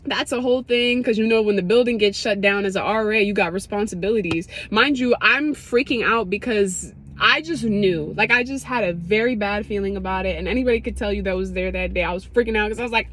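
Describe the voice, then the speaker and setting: A woman's voice: a little high, a little fast, hardly any pauses, a bit bright, no echo. A young woman telling a personal story in a casual, dramatic, slangy way. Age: young adult. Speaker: vlogger sharing a testimony.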